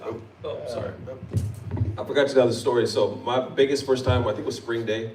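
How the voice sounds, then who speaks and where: A man's voice: mid-range voice, a little fast, slight background noise. A man on a convention panel telling stories casually, laughing and acting out quotes. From United States. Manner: animated, laughs often, acts out quotes. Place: convention hall. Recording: roomy hall, mic at a distance.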